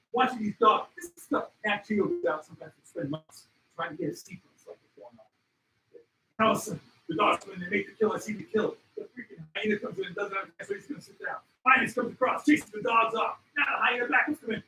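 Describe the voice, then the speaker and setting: Brief: bright, high-pitched man, lively storyteller, roomy hall, off-mic. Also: recorded from a distance, slight background noise. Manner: excitable, shouts at peaks, acts out animals. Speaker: wildlife photographer giving a talk. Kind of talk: animated storytelling presentation. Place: expo hall. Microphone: handheld mic.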